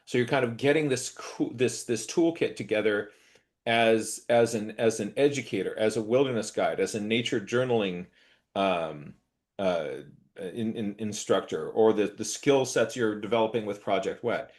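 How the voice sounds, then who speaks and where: A man's voice: lowish voice, normal speed. A man hosting a casual interview, thinking aloud and restarting phrases as he sums up ideas. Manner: reflective, many restarts and hedging fillers. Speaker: host, interviewer.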